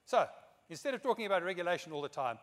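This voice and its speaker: A man's voice: sits high, sing-song, very fast. A middle-aged man giving a conference speech, telling humorous anecdotes and quoting others in his own voice. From South Africa. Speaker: keynote speaker. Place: conference hall. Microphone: podium microphone. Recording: long hall reverb.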